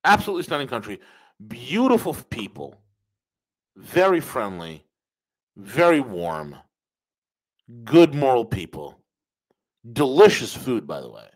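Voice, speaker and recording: A man's voice: medium pitch, wildly swooping pitch, measured pace, long pauses, rough recording. A man hosting a podcast, giving opinionated commentary with emphatic repetition and calling listeners folks. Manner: emphatic, repeats phrases, addresses listeners as folks. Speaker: podcast host.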